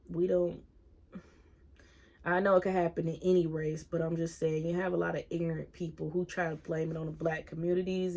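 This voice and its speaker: A woman in her thirties talking openly in a personal vlog, earnest and halting, at times giving direct advice to viewers. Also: fairly low pitch, gravelly, a little mellow. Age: 30s. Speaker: single mom vlogger.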